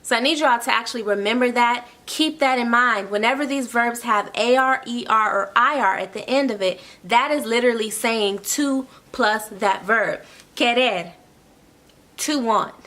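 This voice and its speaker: A woman's voice: a little high, normal speed, bright, forceful tone. A woman tutoring an online language lesson. She explains step by step, repeats each phrase and keeps checking in with "okay?". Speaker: Spanish tutor.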